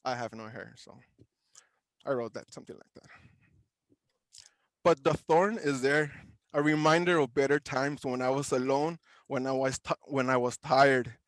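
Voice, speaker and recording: A man slowly reading his own poetry at an online open mic from home. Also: medium pitch, fairly even intonation, dry recording. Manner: slow, deliberate reading with pauses. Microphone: video call.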